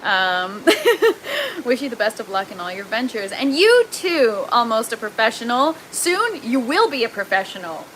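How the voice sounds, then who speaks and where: Woman, Canadian accent, young adult, livestream host, excitable and chatty, bright tense voice, slightly high. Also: a little hiss or hum, poor audio. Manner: excitable, chatty, quick to laugh. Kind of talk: casual livestream chat, reading viewer comments aloud.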